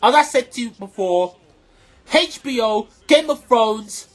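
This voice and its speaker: A vlogger giving an angry, profanity-filled reaction rant to camera, often shouting and repeating points for emphasis. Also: medium pitch, expressive, measured pace.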